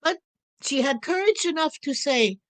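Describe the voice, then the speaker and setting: A woman's voice: high-pitched, animated, normal speed, a bit bright, no echo, rough recording. A woman storyteller playing an ancient, wry witch in a drawling, teasing first-person telling. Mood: sly. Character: ancient wry female witch Baba Yaga.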